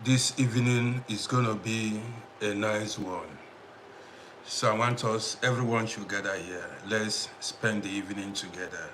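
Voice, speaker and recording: A man's voice: on the low side, a little slow, fairly bright tone, a little hiss or hum. A man hosting a casual live stream, greeting viewers by name and repeating himself as he talks to the audience. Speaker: livestream host.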